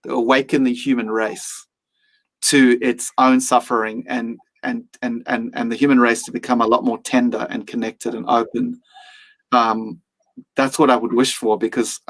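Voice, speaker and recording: A man's voice: mid-range voice, level tone, normal speed, a bit bright, low-quality recording. A man speaking as a podcast guest, reflective and earnest, sometimes acting out his own inner voice. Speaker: mindfulness teacher and guest.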